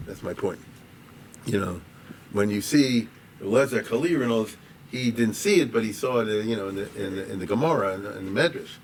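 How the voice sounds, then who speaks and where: A man teaching a class as a rabbi, in a conversational, digressive way that grows animated when he quotes. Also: on the low side, brisk. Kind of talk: informal lecture. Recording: distant mic with faint room noise.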